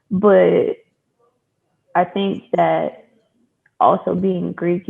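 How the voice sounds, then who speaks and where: Frank panelist with a gravelly voice, tinny audio. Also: medium pitch. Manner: candid, frank, quick bursts. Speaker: panelist, sorority or fraternity member. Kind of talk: panel discussion.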